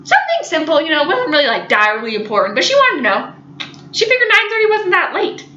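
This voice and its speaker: A young woman, a college student, telling a funny story in an animated, dramatic way. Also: extremely high pitch, fast talker, echoey room, muffled recording, slight background noise. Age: young adult. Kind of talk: storytelling vlog.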